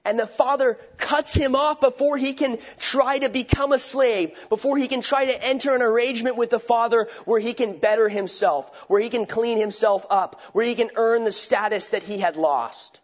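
Male preacher, high register, conversational sermon, dull lo-fi audio. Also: moderate pace, few pauses. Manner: conversational, asks rhetorical questions, restarts phrases. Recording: dull lo-fi recording.

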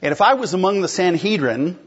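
A man's voice: high-pitched, expressive, brisk, slightly rough, lo-fi sound. A man preaching an expository sermon in a conversational way, explaining a text and putting questions to the congregation. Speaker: pastor.

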